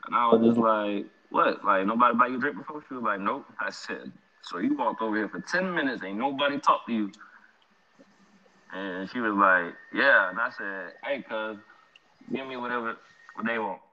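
A young man casually telling an animated, slangy story about a night out, laughing often. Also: lowish voice, normal speed. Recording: dull lo-fi sound.

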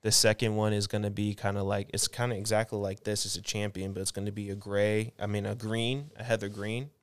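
A man's voice: fairly low pitch, little pitch movement, fairly quick, smooth, no room sound. A man in his twenties chatting casually on a podcast, telling stories in laid-back slang. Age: 20s. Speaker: guest, clothing and smoking brand founder.

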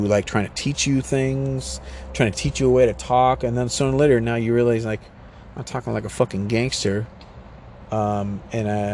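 A man's voice: medium pitch, a little mellow, a little hiss or hum. Profane, rambling man ranting urgently. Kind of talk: casual rant to camera.

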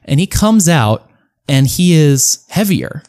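A man narrating a tabletop game as game master, rambling and halting, often breaking into laughter. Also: a little high, sing-song, darkish tone, dry recording, clean studio sound.

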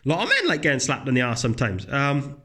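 He's a fast talker who rants in casual comedic chat, animated, blunt and swearing freely. Whenever he mocks someone, his voice jumps high.

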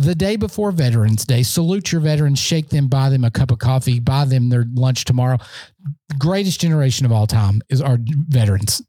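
A man hosting a solo sports podcast, talking in an excitable, boastful fan rant while standing in a room. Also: medium pitch, moderate pace, no room sound.

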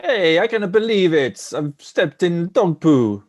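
A man putting on an Italian accent as an angry man complaining slowly about his shoes. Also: high voice, sing-song, slight background noise. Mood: outraged. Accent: put-on Italian. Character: angry Italian man who stepped in dog mess.

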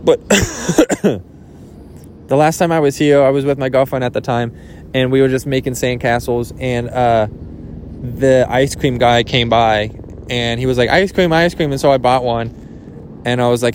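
A young man rambling jokily in a casual vlog, swearing now and then, his pitch jumping up when he gets excited. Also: slight background noise. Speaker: vlogger. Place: outdoors at a beach.

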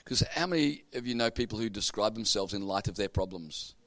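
A man preaching a sermon, an animated storyteller with comic punchlines. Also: fairly low pitch, a little fast.

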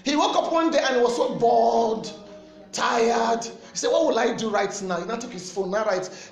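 A Nigerian man preaching a sermon with fervent, animated delivery and shouted refrains. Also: very high-pitched, moderate pace, gravelly, echoey room, faint music behind.

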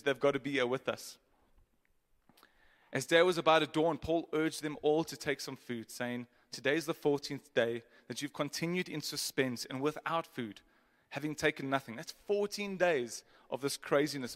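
A man preaching in a reverberant hall. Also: a little high. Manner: dramatic emphasis while reading, joking asides to the congregation. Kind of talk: sermon reading and explaining scripture. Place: church auditorium.

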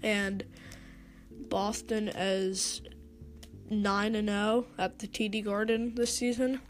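Halting young woman talking sports, slow. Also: mid-range voice, little pitch movement, soft background music. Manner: hesitant, many fillers and restarts. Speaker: sports talk host. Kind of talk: casual sports commentary monologue.

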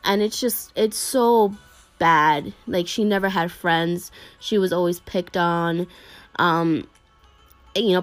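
A woman's voice: fairly low pitch, no room sound. A woman retelling a story to her viewers in a casual, rambling way, full of fillers and restarts. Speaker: anime video creator talking to viewers.

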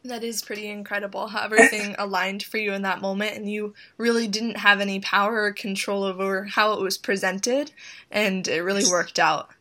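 A woman hosting a podcast, asking measured, reflective interview questions. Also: mid-range voice, fairly even intonation, bright, forceful tone. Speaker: podcast host.

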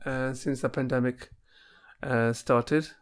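A man's voice: medium pitch, fairly even intonation, slow pace, smooth. A man telling comic stories in a casual monologue, laughing at his own jokes and acting out little bits of dialogue.

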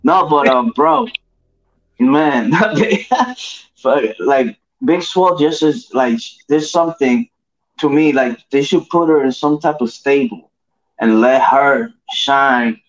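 A man co-hosting a casual wrestling chat, rambling and slangy, filling every pause with "you know what I mean.". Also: mid-range voice, lively intonation. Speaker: podcast co-host. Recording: dull lo-fi audio.

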